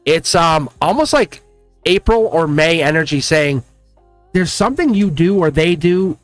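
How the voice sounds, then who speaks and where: A man giving a casual, rambling tarot reading, talking excitedly and directly to the viewer. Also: on the high side, a little slow, dry recording, soft background music. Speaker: tarot card reader.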